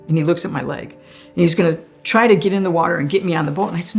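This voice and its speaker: Over soft background music, a guest with a low, creaky voice rushes through her personal near-death story, speaking conversationally and often breaking into laughter.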